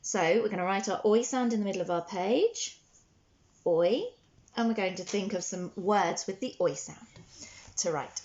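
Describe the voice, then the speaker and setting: A woman teaching a children's phonics lesson, sounding out words slowly and praising often. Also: medium pitch, a little mellow, highs cut off. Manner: slow, sounding out words letter by letter with encouraging praise.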